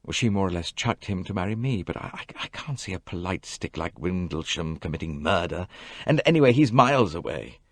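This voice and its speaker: A man's voice: low-pitched, lively intonation, dry recording. A man reading an audiobook, voicing a bewildered, injured young man who stammers and halts. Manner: stammering, halting. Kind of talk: audiobook character voice.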